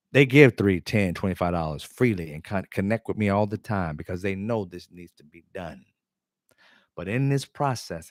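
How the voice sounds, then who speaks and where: Guy ranting hard and swearing a lot, lowish voice, dry close sound. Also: no room sound. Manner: profane, fiery ranting delivery. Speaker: host. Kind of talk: impassioned monologue.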